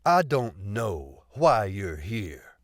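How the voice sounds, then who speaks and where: A man reading an audiobook voices a weary, rueful middle-aged cop and former radical, speaking slowly and heavily. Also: lowish voice, very animated, dry recording, studio quality, pitched below the performer's own voice, heavily acted. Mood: stern. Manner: slow, heavy, rueful. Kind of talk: audiobook character voice.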